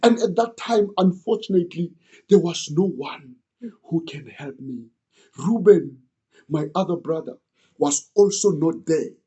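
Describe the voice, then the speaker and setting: A man's voice: on the high side, animated, measured pace, mellow. A young man earnestly retelling an old story in the first person, as if he lived it.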